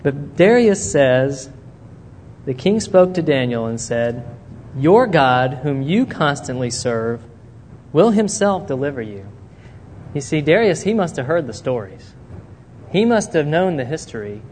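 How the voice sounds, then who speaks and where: A man with a somewhat high, unhurried voice preaches, narrating a Bible story vividly and acting out the characters' quotes. The sound carries a long reverb from the hall, along with faint noise.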